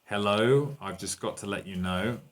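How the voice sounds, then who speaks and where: A man's voice: lowish voice, moderate pace. A man teaching an online English lesson, walking learners through exercises and translating lines into Spanish.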